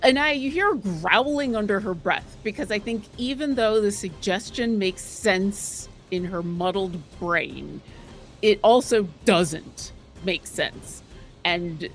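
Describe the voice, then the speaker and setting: Woman player, describes her character's moves, slow unhurried pace, mid pitch, faint music behind. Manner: descriptive, rambling with restarts and fillers. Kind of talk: narrating her character in a tabletop game.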